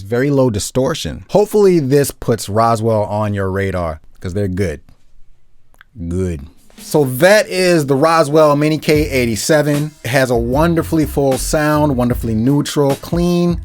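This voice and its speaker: A man casually reviewing a microphone in an upbeat, conversational way, repeating phrases for emphasis, recorded close on a studio condenser mic at a desk setup. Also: mid-range voice.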